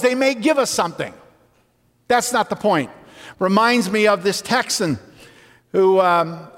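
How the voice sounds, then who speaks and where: Preacher guy with a high voice, slow sermon talk, lots of little stories and jokes, long church reverb. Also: fairly bright tone. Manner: unhurried storytelling with jokes.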